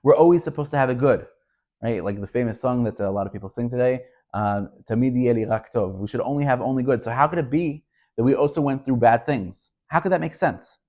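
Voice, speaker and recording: A man's voice: mid-range voice, fairly quick, darkish tone. A man, a rabbi, teaching a Torah lesson, speaking emphatically and pressing rhetorical questions as he tells stories. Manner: storytelling delivery.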